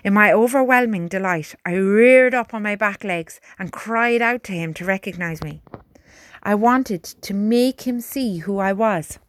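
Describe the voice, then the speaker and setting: A woman narrating a storybook in a calm, earnest way. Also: medium pitch, unhurried, dry recording. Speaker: audiobook narrator.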